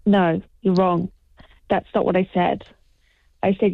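A woman calling into her husband's radio show, teasing him in a relaxed, just-woken way. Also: fairly low pitch, unhurried, vocal fry, no echo. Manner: teasing, sleepy, laughing. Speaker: host's wife calling in. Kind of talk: casual phone chat. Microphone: phone. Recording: dull phone line.

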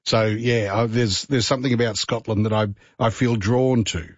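A man's voice: mid-range voice, fairly even intonation, moderate pace, no echo. A man co-hosting a radio show, chatting eagerly and repeating words as he gathers his thoughts. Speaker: radio co-host. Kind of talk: casual radio banter. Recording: dry, slightly muffled radio sound.

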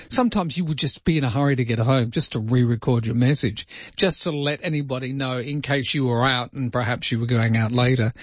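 A male show host talking on his own in a wry, chatty monologue that wanders off into asides. His voice sits at a middle pitch. The recording is dry, with no room sound, and slightly dull and lo-fi. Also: dry recording. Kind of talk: solo talk-show monologue.

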